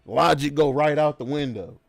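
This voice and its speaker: A man's voice: fairly high pitch, moderate pace, vocal fry, no echo. A man streaming a game who chats casually and rants with emphasis, full of slang and repeated asides. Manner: animated, emphatic ranting with slang. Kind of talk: casual livestream chat.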